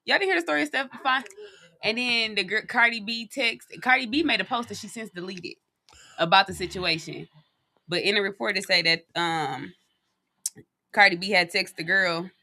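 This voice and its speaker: Woman co-host, blunt and jokey, gravelly with a sharp bright edge. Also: mid-range voice, normal speed. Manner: blunt, joking, loud bursts. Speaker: show co-host. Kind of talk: casual podcast banter.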